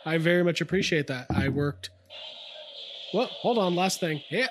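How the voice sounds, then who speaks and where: Excitable man chatting in a toy room. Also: on the high side, normal speed, noisy background. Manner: rambling, excitable, many fillers. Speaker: podcast co-host. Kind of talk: casual chat.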